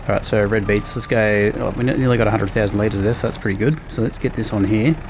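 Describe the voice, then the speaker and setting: A man hosting a casual let's play, relaxed and talking through each task as he plays. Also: on the low side, fast, noisy background. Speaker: gaming channel host.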